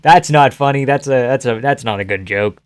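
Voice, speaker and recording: A man's voice: mid-range voice, normal speed, clean tone, dry recording. A young man from the Boston area chatting casually on a live stream, reading comments aloud, joking, swearing and laughing often. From Boston area, USA.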